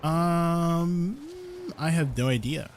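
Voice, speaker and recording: Young male streamer, casual and giggly, unhurried delivery, a bit higher pitched, light noise underneath. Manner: giggly, chatting with viewers while gaming. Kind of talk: casual live-stream chat. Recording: faint background noise.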